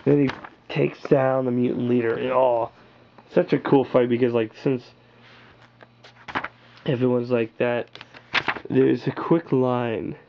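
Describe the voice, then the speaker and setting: A man talks through his favorite comic books in a rambling, excited way, often stopping to add filler words. His voice sits at a middle pitch. It was recorded on a camera's built-in mic, so the sound is dull and lo-fi with a faint hiss. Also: slow, vocal fry, pauses often. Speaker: comic book reviewer. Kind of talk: casual rambling review.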